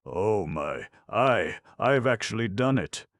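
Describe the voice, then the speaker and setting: A man voicing a young goat girl from a storybook, brisk, excitable and bossy. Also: deep voice, no room sound, clean studio sound. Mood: excited. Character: brave young goat girl with seven hands.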